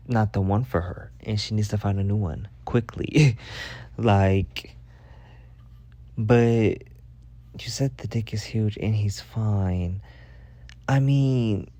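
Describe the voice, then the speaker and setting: Young man, sassy and profane, warm mellow voice, dry close sound. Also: fairly low pitch, no room sound. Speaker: advice and story vlogger. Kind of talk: casual storytelling rant.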